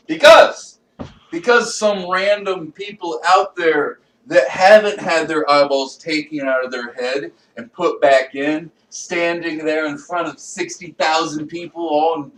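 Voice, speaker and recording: A man's voice: on the high side, a bit bright. A man delivering a profane, rambling comedic monologue and talking to himself. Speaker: vlogger. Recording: roomy echo, distant from mic.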